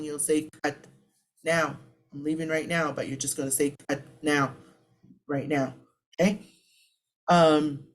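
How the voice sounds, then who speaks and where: A woman giving a relaxed spoken lesson, repeating each word slowly and patiently as a language teacher. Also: sits low.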